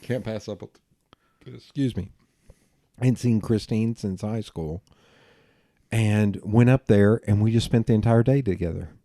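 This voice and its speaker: A man with a Southern US accent hosting a podcast, telling rambling, animated anecdotes in casual conversation. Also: fairly low pitch, a little slow, long pauses, no echo, studio quality. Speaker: podcast host.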